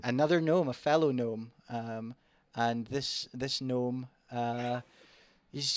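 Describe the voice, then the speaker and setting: A man's voice: medium pitch, steady tone, takes it slowly, dry recording. A British man running a tabletop game as dungeon master, hesitant and laughing often. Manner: hesitant, full of ums and laughs.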